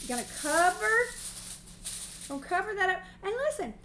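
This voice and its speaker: A woman with a Southern US accent hosts a cooking livestream from her home kitchen, chatting long-windedly as she demonstrates. Her very high-pitched voice is expressive and at normal speed. A movable mic near the stove picks up roomy sound with background noise.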